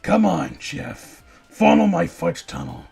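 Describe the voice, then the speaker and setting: A man's voice: a little high, huge pitch swings, slow, gravelly, a little mellow, slightly rough, faint music behind, heavily acted. A man doing a teasing female killer. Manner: teasing, coaxing.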